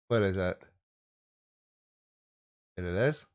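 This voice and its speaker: A man's voice: medium pitch, a little slow, no echo, muffled recording. A man hosting a live stream, casually reading out viewer comments with cheeky jokes and frequent laughs. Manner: jokey, cheeky, laughs often.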